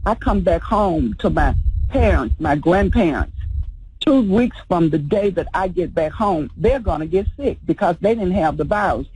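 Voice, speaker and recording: A woman's voice: on the low side, darkish tone, slightly rough, poor audio. A woman, a funeral home owner, speaking earnestly as a guest on a radio show. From Birmingham, Alabama, US. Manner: earnest, explanatory. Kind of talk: radio interview.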